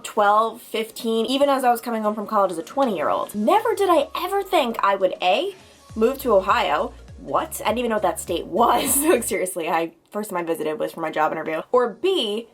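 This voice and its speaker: A young woman in her twenties from Long Island, talking to a handheld camera in a chatty, bubbly vlog style from her childhood bedroom, often laughing at herself. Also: mid-range voice. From Long Island, New York. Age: 20s. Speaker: vlogger and TV news reporter. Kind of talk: casual vlog talk to camera.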